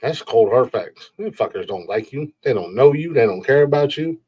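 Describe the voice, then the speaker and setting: A man's voice: mid-range voice, animated, moderate pace, slightly rough, dull audio. A man hosting a podcast, ranting in a rambling, profane way and laughing at his own jokes. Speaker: podcast host.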